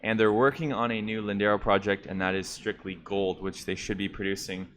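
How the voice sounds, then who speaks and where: A man's voice: fairly low pitch, flat delivery, a little fast, fairly bright tone, slight background noise. A man hosting an investing channel, giving casual stock market commentary in a conversational way, calling viewers "guys". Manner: conversational, addresses viewers as guys, frequent fillers.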